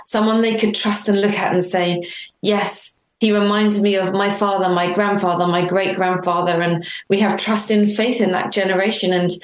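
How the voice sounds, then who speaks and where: A middle-aged woman being interviewed, telling her story earnestly and warmly, acting out remembered dialogue. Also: medium pitch, flat delivery, normal speed. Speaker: interview guest. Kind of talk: reflective conversational interview. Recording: roomy echo.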